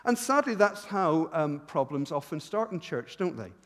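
A man preaching a sermon as a pastor, animated and self-deprecating, often restarting his sentences, with a noticeable regional accent. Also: a little high, normal speed. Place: church. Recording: long reverb in a church hall.

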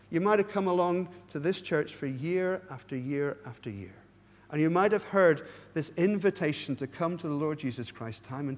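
A man delivers a sermon in a high voice, pleading earnestly and stumbling over his words as he restarts them. His voice carries a long reverb from the church around him. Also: a little mellow. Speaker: preacher. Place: church hall.

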